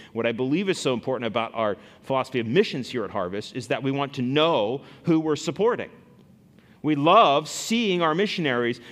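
A man preaching a sermon as pastor, earnest and lively, often restarting phrases as he explains scripture. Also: on the high side, in a large hall.

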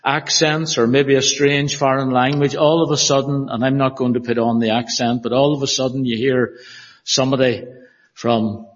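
A man's voice: mid-range voice, fairly even intonation, normal speed. A man with a Northern Irish accent preaching an earnest, emphatic expository sermon in a church hall, with a prayer. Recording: dull audio with long hall reverb.

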